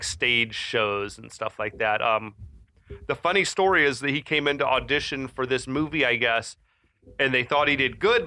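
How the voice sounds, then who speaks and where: Bright-voiced man chatting on a podcast. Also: medium pitch. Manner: chatty, laughs often, many fillers. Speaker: podcast co-host. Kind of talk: casual chat.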